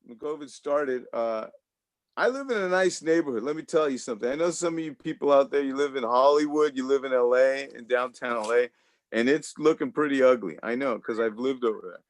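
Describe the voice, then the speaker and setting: A man's voice: mid-range voice, fast, no room sound. A man from Los Angeles doing a loose, rambling stand-up set over a video call, often laughing at his own jokes. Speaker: stand-up comedian. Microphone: home computer mic on a video call.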